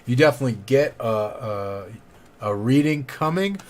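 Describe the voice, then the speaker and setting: A man's voice: medium pitch, lively intonation, normal speed. A man streaming tarot readings live, chatting casually, rambling and thanking viewers by name. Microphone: studio condenser mic.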